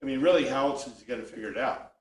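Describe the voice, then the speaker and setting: Rapid-fire and medium-pitched, a man runs an informal Bible class for a small group, thinking aloud and repeatedly restarting his sentences. He's far from the mic in an echoey classroom.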